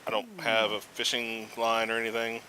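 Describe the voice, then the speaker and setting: Male gaming host, low and bright-toned, easygoing commentary explaining the game. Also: normal speed, slight background noise, poor audio. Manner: relaxed, chatty, explains game mechanics as he plays. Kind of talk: casual gameplay commentary.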